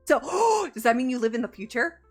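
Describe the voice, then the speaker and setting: A woman's voice: a little high, fairly even intonation, fast talker, faint music behind. A woman from the United States, a VTuber streamer, chatting casually and playfully, teasing and giggling often. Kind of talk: casual live-stream chat.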